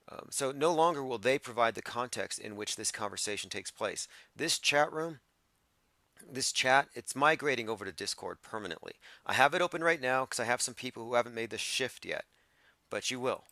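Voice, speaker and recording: Dude ranting on his livestream, gravelly and sharp, dry home mic, dismissive. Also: medium pitch, no room sound. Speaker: livestream host. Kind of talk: casual livestream monologue.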